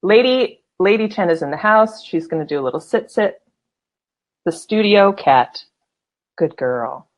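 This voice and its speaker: A woman's voice: mid-range voice, expressive, unhurried. A woman hosting a casual live-stream talk show, laughing often and reading out viewer comments. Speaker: host.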